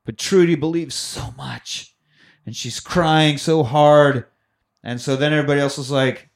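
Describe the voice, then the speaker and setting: A man co-hosting a podcast, casually and profanely retelling a film's plot, dropping quick voices for the characters. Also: a little high, fairly even intonation, creaky. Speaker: podcast co-host. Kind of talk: casual movie-recap chat.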